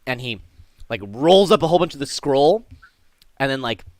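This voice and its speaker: A man narrating as game master of a tabletop game, rambling through scene descriptions with plenty of fillers. His voice sits at an ordinary middle pitch. The recording is dry, with no room echo. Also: expressive, normal speed, a little mellow.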